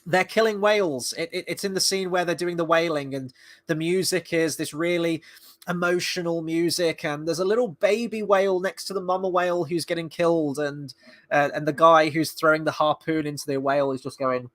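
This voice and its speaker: Man, film reviewer, blunt, sweary, exasperated, casual rant, fairly high pitch. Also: steady tone, a little fast, fairly bright tone.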